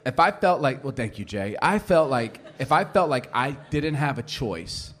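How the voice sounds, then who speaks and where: A man's voice: mid-range voice, normal speed. A man in his forties, a pastor telling a family story in a sermon and acting out the people in it. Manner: animated storyteller, acts out family members' voices.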